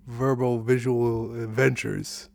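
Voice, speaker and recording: A man's voice: medium pitch, level tone, slow pace, creaky, darkish tone. A man in casual podcast chat, playful and joking, spinning tall tales with a straight face. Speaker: podcast guest.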